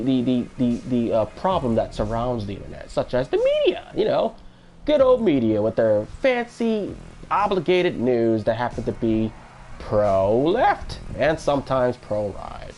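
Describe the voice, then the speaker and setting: A man's voice: medium pitch, very animated, normal speed, darkish tone, soft background music. A man in his twenties from Florida chatting casually on a stream, rambling and joking with many restarts. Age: 20s. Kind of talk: casual live-stream chat.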